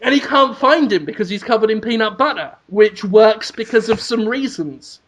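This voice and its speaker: A man's voice: sits high, expressive, normal speed, fairly bright tone, muffled recording. A man co-hosting a comedy podcast, rambling through an absurd made-up story and laughing at his own jokes. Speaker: podcast co-host.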